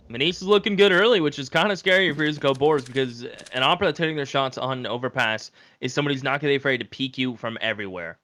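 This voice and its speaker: A man commentating an esports match, animated and climbing to shouted calls in clutch moments. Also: mid-range voice. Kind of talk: esports color and play-by-play commentary. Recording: game gunfire noise behind. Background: game gunfire and clicks.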